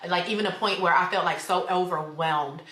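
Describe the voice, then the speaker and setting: A woman's voice: fairly low pitch, brisk, bright, forceful tone, roomy sound. A young woman telling a rambling personal story in a casual storytime chat at home, full of fillers. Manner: rambling, chatty, with many fillers. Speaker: vlogger.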